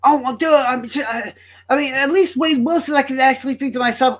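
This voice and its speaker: A man's voice: very high voice, fairly quick, a bit bright. A young man from Florida, rambling through crude, joking commentary as a streamer.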